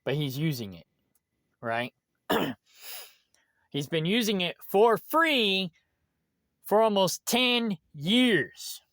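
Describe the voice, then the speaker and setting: A man's voice: sits high, sing-song, slow pace, long pauses, a bit bright, no echo, clean studio sound. A man ranting bitterly in a vlog, complaining about someone with lots of swearing. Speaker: vlogger. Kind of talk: angry vlog rant.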